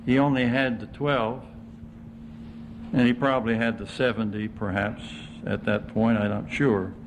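A man's voice: on the low side, steady tone, a little slow, background noise. A man preaching an informal sermon to a congregation, chatty, often putting questions to his listeners. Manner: conversational, asks the audience questions.

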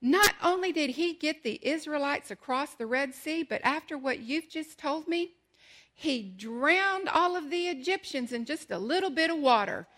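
A woman voicing an excited little boy in a story she is telling. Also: high-pitched, normal speed, voice pushed up. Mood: gleeful.

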